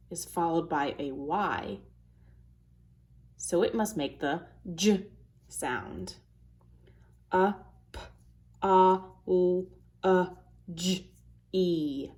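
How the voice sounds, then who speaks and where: A woman teaching a phonics lesson to third graders, sounding out letters and words slowly and carefully. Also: on the low side, animated.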